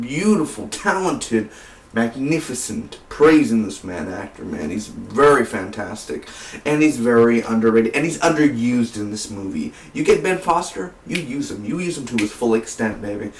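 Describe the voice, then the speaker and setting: A man talking through a movie review in a loose, rambling vlog style, peppered with fillers and calling the listener "man". His voice sits in a middle pitch. The sound is roomy, as if he's sitting a few feet from the microphone. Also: lively intonation, normal speed. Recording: roomy, distant from the mic.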